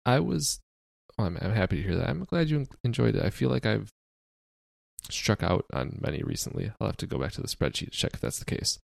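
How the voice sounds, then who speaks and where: A man from the United States co-hosting a podcast, talking in a deadpan, sarcastic way with many fillers. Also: on the low side, fairly quick, vocal fry, no room sound. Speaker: podcast co-host. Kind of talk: casual chat.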